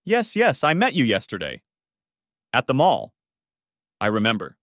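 A man's voice: medium pitch, huge pitch swings, a little slow, a bit bright, no room sound, studio quality. A man voicing an awkward young man who stammers and apologizes a lot, in a story audiobook. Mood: polite. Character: awkward young man, nervous and polite, stammers when put on the spot.

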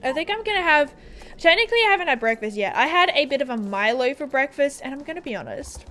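A woman's voice: high voice, expressive, quick pace, bright, forceful tone, slight background noise. A young Australian woman chatting casually on a game livestream, rambling and giggling as she reads viewer comments aloud. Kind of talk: casual livestream chat while gaming.

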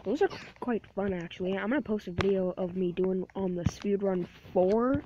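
A woman's voice: mid-range voice, moderate pace, muffled recording, noisy background. A woman giving casual, playful gameplay commentary, rambling and talking to herself. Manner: rambling, playful self-talk. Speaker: gameplay video host.

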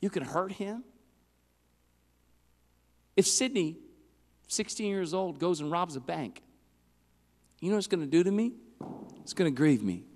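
Male youth pastor, high-pitched, animated preacher; sanctuary reverb. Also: a little slow, pauses often. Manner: animated preaching, swings from loud to hushed. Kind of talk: youth sermon. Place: church hall. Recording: long hall reverb.

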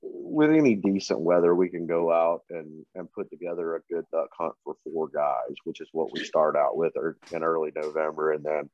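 A man who works as a hunting outfitter, talking casually on a podcast in a relaxed, plain-spoken way with many fillers. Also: a bass voice, normal speed, few pauses, no room sound. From Kansas. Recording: dry, slightly dull podcast mic.

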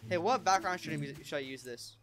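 A young man hosting a casual gaming chat, giggly and pleading, often breaking into high squeals. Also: expressive, fast, heavy background noise. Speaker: channel host.

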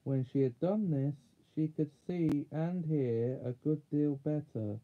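A man reading a children's fantasy chapter aloud in steady storybook narration. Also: on the high side, unhurried. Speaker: audiobook reader. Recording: narrow phone-like sound.

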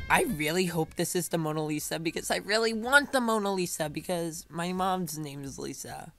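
A woman's voice: low-pitched, a bit bright, faint music behind. Chatty, dramatic young woman gamer. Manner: chatty, dramatic, playful, quick asides. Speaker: gaming channel host. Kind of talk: casual gameplay commentary.

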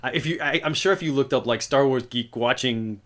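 A young man hosting a casual film podcast, rambling and animated, breaking into loud acted-out quotes. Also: mid-range voice, fairly quick. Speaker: podcast host. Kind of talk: casual chat about films.

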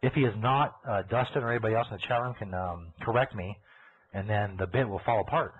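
Low-pitched and quick, a male podcast host goes on a profane, sarcastic live rant. The audio has a tinny, phone-like quality.

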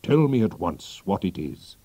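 Proud, fretful king read by a male narrator, low, slow, close and dry. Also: sing-song, warm tone, slightly rough, dry recording, full character voice. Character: proud, anxious male king, middle-aged.

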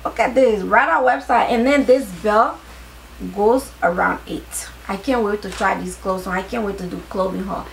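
A tired woman vlogger chatting casually to her viewers during a clothing haul, excitable, with her voice starting to crack. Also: mid-range voice, moderate pace, gravelly, slight background noise, rough recording. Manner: excitable, talks straight to viewers.

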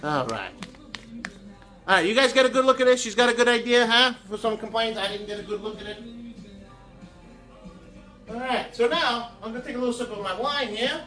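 A man's voice: very high-pitched, lively intonation, fairly quick, long pauses, bright, forceful tone, recorded from a distance. A man hosting a casual home cooking video, rambling and cracking crude jokes at the viewers. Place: home kitchen. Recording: echoey room, from the camera, faint music. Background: music playing in the home.

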